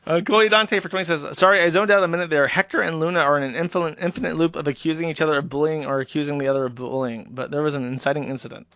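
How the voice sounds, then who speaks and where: A man with a somewhat high voice reads donation messages on a stream in a flat, offhand way. His asides often trail off into quiet mumbles. The sound is dry and close, with no room echo. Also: racing, hardly any pauses. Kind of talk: casual reading of paid messages with crude remarks.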